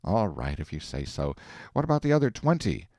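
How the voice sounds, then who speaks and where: A man reading aloud, voicing an excitable husband who talks in an eager, folksy, impatient way. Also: low-pitched, fairly quick, no room sound, clean studio sound. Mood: casual.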